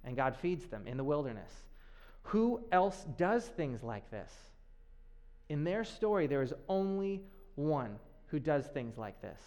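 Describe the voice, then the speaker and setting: A man preaching a sermon in a lively, conversational way, with playful asides to the listeners. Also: fairly high pitch, unhurried.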